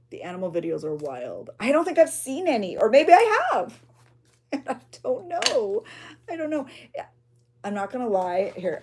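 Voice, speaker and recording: A junk journal creator, an adult woman with a child, chats casually on her livestream while crafting, reading out viewer comments and reacting with gasps and exclamations. Her voice is lowish with a darkish tone, and there is slight background noise.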